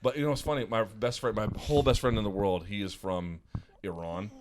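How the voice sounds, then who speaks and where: A man co-hosting a podcast in casual chat, telling stories in an animated, profane way from a hotel room. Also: fairly low pitch, brisk, noisy background. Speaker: podcast co-host.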